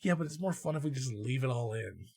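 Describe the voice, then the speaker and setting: A man narrating as game master and host of a tabletop game podcast, relaxed and full of fillers. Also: mid-range voice, quick pace, creaky, husky, dry recording.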